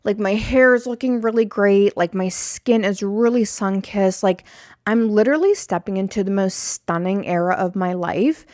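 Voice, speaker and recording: A woman's voice: medium pitch, normal speed, darkish tone, no room sound, clean studio sound. A woman hosting her own podcast, chatting alone in a rambling, self-deprecating way and often drifting off on tangents. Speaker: podcast host. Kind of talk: solo podcast chat.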